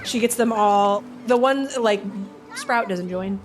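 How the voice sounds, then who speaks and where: A woman's voice: mid-range voice, takes it slowly, background noise. A woman running a tabletop role-playing game as game master, narrating playfully and often laughing.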